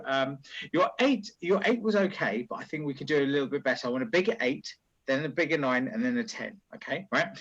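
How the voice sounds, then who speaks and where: Lively, bright-voiced man compering a gig. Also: fairly high pitch, low-quality recording. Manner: jokey, coaxing the crowd to clap. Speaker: compère. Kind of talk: stand-up compering. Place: small comedy gig.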